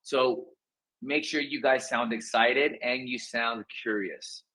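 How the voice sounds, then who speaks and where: A man coaching real estate agents in loose, slangy talk. He sits at a middle pitch and leaps upward when he acts out lines from his phone scripts. The delivery is lively and informal. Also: unhurried, gravelly, poor audio.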